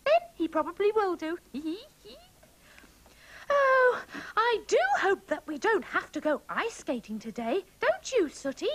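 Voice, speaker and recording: A woman's voice: very high voice, very animated, a little slow, a bit bright, exaggerated voice, low-quality recording. A woman voicing a chatty, bossy young female panda puppet who giggles and schemes. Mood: chirpy scheming. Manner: sing-song, giggly, scheming. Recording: hissy old VHS tape.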